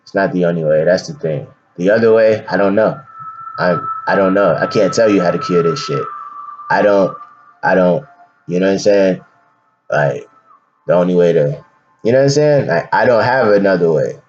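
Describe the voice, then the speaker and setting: A filmmaker explaining his film in a slow, rambling, slangy way full of fillers. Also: sits low, muffled recording, over music. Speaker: independent filmmaker.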